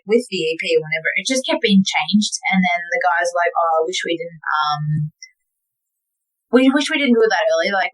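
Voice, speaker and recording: A woman's voice: on the low side, a bit bright, low-quality recording. A young Australian woman chatting as a guest musician, rambling and giggly, full of "like" fillers. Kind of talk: casual chat.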